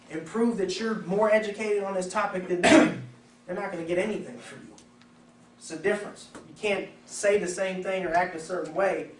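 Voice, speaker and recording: A man's voice: high voice, slight background noise. A man leading a sales training session for insurance agents, talking casually and acting out customer conversations. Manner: animated, acts out customer dialogues. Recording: echoey room from far off.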